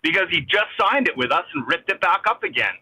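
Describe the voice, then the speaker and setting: A man's voice: high-pitched, sing-song, fairly quick, pushed and bright, a little hiss or hum. A man on a phone call from his vehicle, ranting in an agitated, rambling, swearing way with many restarts. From Canada. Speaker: caller. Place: in a vehicle driving.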